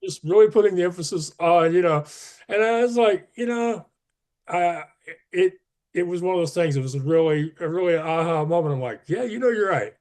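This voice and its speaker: A man's voice: high voice, moderate pace, a little mellow. A man speaking as a podcast guest, earnest and emphatic, pushing up his voice on key advice. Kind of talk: casual interview talk.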